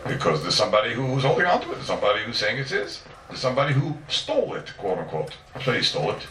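A man teaches a Talmud class at a quick clip, pressing his points again and again and firing off rhetorical questions. His pitch swings widely as he talks. He is heard from a distance in an echoey room. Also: wildly swooping pitch, pushed and bright, slight background noise. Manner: repeats and restates points emphatically; asks rhetorical questions and answers them.

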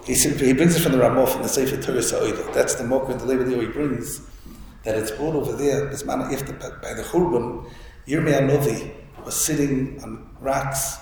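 A man tells a story in a Torah lecture, restarting phrases as he goes. His voice is gravelly and mid-pitched. The sound rings through a large hall with long reverb. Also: steady tone, normal speed, darkish tone. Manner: storytelling, with many restarts and Hebrew and Yiddish terms. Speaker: rabbi giving a Torah talk. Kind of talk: Yiddish-inflected Torah lecture. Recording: echoey hall with faint room noise.

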